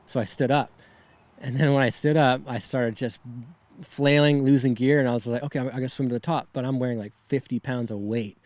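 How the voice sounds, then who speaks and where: A young man, shaken and near tears, recounts a personal story as a podcast guest, with halting, rambling phrasing and many tag questions. His voice sits in the middle of the range, and the recording is dry and close. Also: mid-range voice, steady tone, a little mellow, no echo. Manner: rambling, filler-heavy, says "right?" and "man" often.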